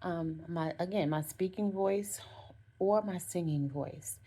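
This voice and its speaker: Mellow-voiced woman giving self-help advice. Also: on the low side, takes it slowly. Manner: conversational, repeats "again" and "you know", self-correcting. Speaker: vlogger. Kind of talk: reflective self-help monologue.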